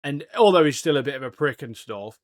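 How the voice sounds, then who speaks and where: Laddish bloke chatting. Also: male voice, medium pitch, animated, a little fast. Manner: laddish, swears, says "mate" a lot. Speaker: podcast co-host. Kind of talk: casual chat.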